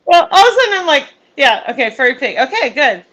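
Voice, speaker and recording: A woman co-hosting a livestream in casual chat, chatty and quick to laugh, reading out viewer comments. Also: high voice, sing-song, fairly bright tone, rough recording. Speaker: livestream co-host.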